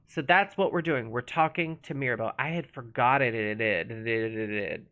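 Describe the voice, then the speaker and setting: A woman's voice: very deep voice, measured pace, fairly bright tone. A woman streaming a game and chatting casually, rambling playfully and talking to the characters. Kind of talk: casual live-stream commentary.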